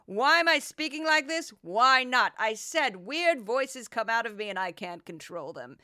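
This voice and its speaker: A theatrical 1940s mid-Atlantic announcer, as a woman puts on the voice. It is pitched up and exaggerated, a goofy throwback to old radio. The sound is crisp and dry. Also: lively intonation, measured pace, pushed and bright, no room sound. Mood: playful.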